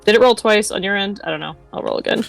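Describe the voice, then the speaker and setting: A woman's voice: mid-range voice, quick pace, vocal fry, soft background music. A woman playing a tabletop game, chatting casually and asking about the rules. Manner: chatty, asks rules questions. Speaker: player.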